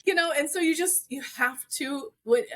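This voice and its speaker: A woman's voice: sits high, normal speed, fairly bright tone. A woman in her forties, a business owner, telling a story in a casual interview, earnest and full of faith, with plenty of fillers. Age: 40s. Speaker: entrepreneur guest.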